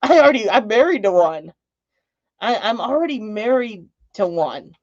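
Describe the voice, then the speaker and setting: A woman's voice: fairly high pitch, sing-song, moderate pace. Woman streamer, casual chat with viewers, rambling and jokey, dull lo-fi sound. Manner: rambling, joking, laughs often. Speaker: live streamer. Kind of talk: casual live-stream chat reading comments.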